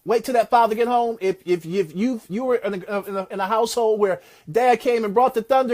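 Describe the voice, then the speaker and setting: A man giving a motivational talk, retelling a success story in an animated, preacher-like way. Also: high-pitched, brisk, few pauses. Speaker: motivational speaker.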